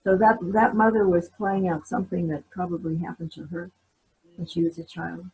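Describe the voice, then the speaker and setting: A woman's voice: fairly low pitch, fairly even intonation, normal speed, darkish tone, poor audio. A woman therapist, a guest in an interview, earnestly explaining with everyday examples. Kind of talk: conversational interview.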